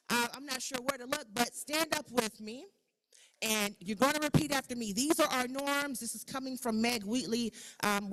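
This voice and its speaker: A woman with a Southern US accent leading a workshop, animated and repeating herself, calling out the audience. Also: medium pitch. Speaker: workshop facilitator. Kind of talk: energetic workshop facilitation. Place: conference room with audience.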